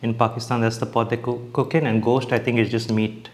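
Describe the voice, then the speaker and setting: A man's voice: medium pitch, little pitch movement, brisk. A young man casually reviewing dishes as he eats, chatty and hesitant, restarting his sentences and talking with his mouth full. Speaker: food vlogger.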